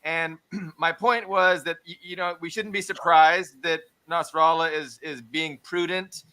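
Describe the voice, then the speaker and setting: A man's voice: fairly high pitch, steady tone, unhurried, pushed and bright. A man speaking as a guest on a panel podcast, chatty and anecdotal, often restarting his sentences. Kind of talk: casual panel discussion.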